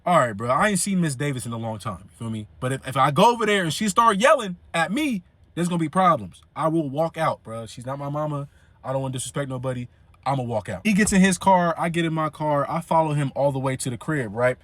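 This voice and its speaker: Animated young man telling a story. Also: fairly high pitch, fast, no room sound. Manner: animated, slangy, frequent fillers. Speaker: vlogger. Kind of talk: casual storytelling.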